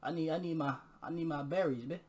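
A man giving excitable live gameplay commentary, trash-talking and bursting into shouts during fights. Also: fairly high pitch, fast. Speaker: gamer. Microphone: new desk mic.

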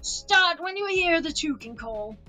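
Picture a woman doing a male storybook dragon announcing the start of a race, brisk and commanding. His voice is raised and bright, pitched well above an ordinary speaking voice. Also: expressive, faint music behind.

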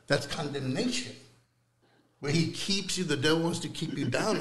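A man's voice: on the high side, normal speed, fairly bright tone. A man preaching fervently in a casual talk, slipping in Spanish words. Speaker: guest. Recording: echoey room.

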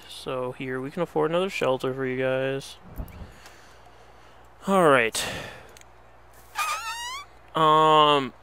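Young guy talking over his game, slow and kinda high, fed up and begging, swears a lot, faint hiss. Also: pushed and bright. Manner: exasperated, pleading and swearing at the game. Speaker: let's play host. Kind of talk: casual gameplay commentary.

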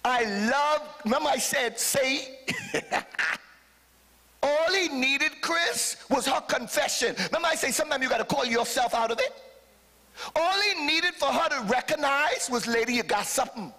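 Male bishop, high bright tenor, fervent sermon delivery in a long-reverb church hall. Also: animated, measured pace. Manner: fervent preaching, calls to the congregation, sudden shouted peaks. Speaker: bishop preaching. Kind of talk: live sermon.

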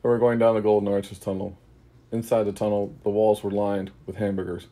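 A man's voice: on the low side, level tone, brisk, dark tone. A man narrating an improvised comic adventure story in a loose, off-the-cuff way. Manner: laughs at his own story, loose.

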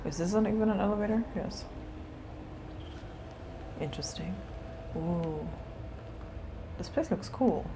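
Chatty woman streamer, lowish voice. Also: unhurried, long pauses, background noise. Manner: chatty, swears, talks to the game. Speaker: streamer playing a game. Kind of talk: casual gameplay commentary.

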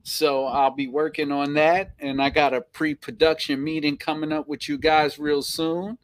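A man's voice: on the high side, fairly even intonation, normal speed. A man with a thick New York accent hosting a casual live stream, chatting playfully and reading viewer comments aloud, repeating phrases and chuckling often.

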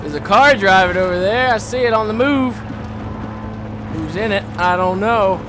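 A young man giving profane let's-play commentary, swinging from low muttering to panicked yelling. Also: normal speed. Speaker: gaming YouTuber. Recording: game music underneath.

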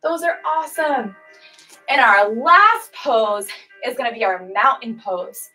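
A woman's voice: fairly high pitch, lively intonation, a little slow, sharp tone, poor audio. A woman in her twenties leading a children's yoga class over a livestream, playful and sing-song, barking and meowing along with the animal poses. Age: 20s. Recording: faint music behind the voice.

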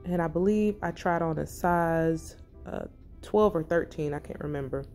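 Soft-spoken low-voiced woman vlogger. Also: moderate pace, soft background music. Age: middle-aged. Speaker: fashion vlogger. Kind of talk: soft ASMR-style voice-over.

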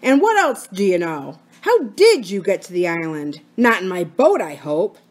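A stern grown man, as a woman reading aloud puts him on, speaking in clipped, curt phrases. His questions come out sharp and firm in this storybook reading. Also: fairly low pitch, very animated, moderate pace.

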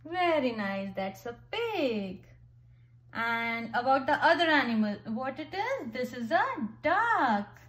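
A mother reads an animal picture book aloud with her little one, speaking slowly and patiently. Her voice sits high, and she praises often and gently. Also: very animated. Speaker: mother teaching her child. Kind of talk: reading a picture book with a child.

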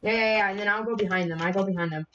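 Woman streamer reacting fast to a game. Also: medium pitch, dull audio, slight background noise. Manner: excited, quick reactions to the game. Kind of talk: casual gaming commentary. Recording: keyboard clicks behind.

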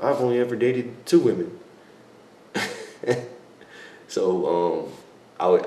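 A young man with a fairly low voice talks casually to his viewers, rambling and correcting himself as he goes. The sound is echoey, and a faint hiss sits underneath. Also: mellow. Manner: rambling, self-correcting, laughs often. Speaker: YouTuber answering viewer questions. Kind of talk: casual Q&A vlog. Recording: echoey room, faint background noise.

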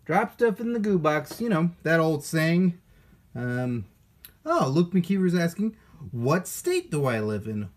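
A man's voice: on the high side, big pitch swings, a little slow. A man hosting a toy unboxing, chatting casually with playful jokes and asides. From United States.

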